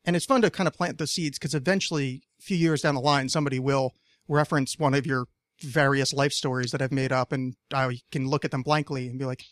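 A man's voice: medium pitch, fairly even intonation, brisk, dry recording, studio quality. A man from New Jersey hosting a casual podcast chat, rambling and profane, stammering through many restarts. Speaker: podcast host.

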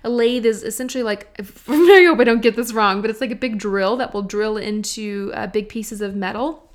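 A woman's voice: fairly high pitch, moderate pace. A young adult woman, hosting a solo podcast in a chatty, earnest way that speaks directly to listeners. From Texas. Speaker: podcast host. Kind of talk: casual solo podcast talk.

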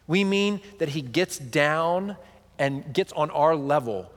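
A man's voice: fairly high pitch, animated, slow, long reverb tail. A man in his thirties preaching a sermon, with a conversational delivery full of "right?" asides. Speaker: pastor.

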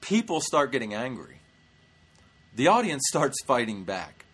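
A man's voice: medium pitch, sing-song, unhurried, a bit bright, slightly rough. A male stand-up comedian hosting his show, telling a story in a brash, profane way. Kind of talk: comic storytelling vlog.

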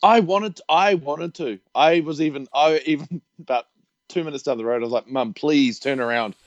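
A man's voice: fairly high pitch, normal speed, no room sound, lo-fi sound. A man, telling stories in a casual chat and laughing often. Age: 30s. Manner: animated, laughing, acts out voices in his stories. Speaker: podcast guest.

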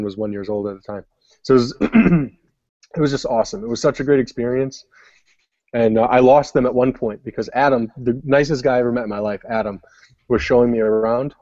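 A man's voice: medium pitch, mellow, no echo, highs cut off. A young adult man telling a long story in casual podcast chat, rambling with many fillers. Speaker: podcast co-host.

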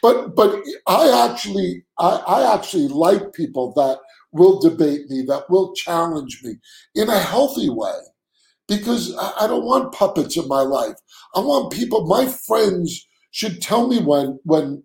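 A man with a rather high voice and a gravelly, creaky edge chats earnestly on a podcast. He often repeats his first words before getting a thought out. The sound is roomy and echoey. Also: very animated, a little slow, a little mellow. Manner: earnest, repeats words when starting sentences. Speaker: co-host. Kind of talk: casual podcast chat.

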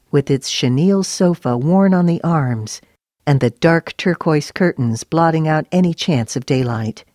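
A woman with a low voice reads a story aloud in a steady, even way. The recording is close and dry, with no room sound. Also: dry recording. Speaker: narrator. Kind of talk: scripted narration.

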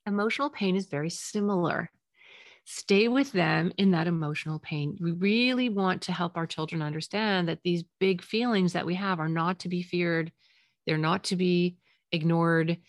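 A woman hosting a parenting podcast, talking gently and reassuringly in a solo advice episode. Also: lowish voice, moderate pace, no room sound, clean studio sound. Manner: gentle, reassuring, acts out parent and child lines.

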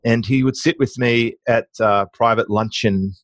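A middle-aged man chats as an interview guest, spinning anecdotes with energy and stumbling restarts. His voice sits at an ordinary mid pitch. The recording is dry, with no room sound. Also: a little slow, dry recording. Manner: lively anecdotal, with frequent restarts. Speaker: guest, online marketing business owner. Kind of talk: conversational interview storytelling.

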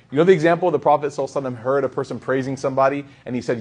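A man's voice: medium pitch, steady tone, racing, few pauses. Guy preaching to a crowd, chatty, keeps saying right, repeats stuff for emphasis. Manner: conversational, repeats phrases for emphasis, asks "right?" often; quotes Arabic scripture. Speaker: Islamic preacher. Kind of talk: casual sermon to a live audience.

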